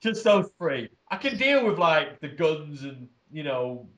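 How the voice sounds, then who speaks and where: A man's voice: a little high, big pitch swings, measured pace, fairly bright tone, lo-fi sound. An English man talking as an interview guest, ranting with heavy swearing. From England. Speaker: podcast guest. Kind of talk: casual interview chat. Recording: roomy echo.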